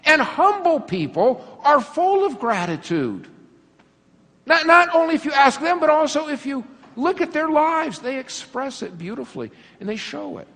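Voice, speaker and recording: Animated man preaching in a reverberant hall. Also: extremely high pitch, normal speed. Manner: animated, laughing storyteller acting out scenes. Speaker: pastor. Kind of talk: sermon.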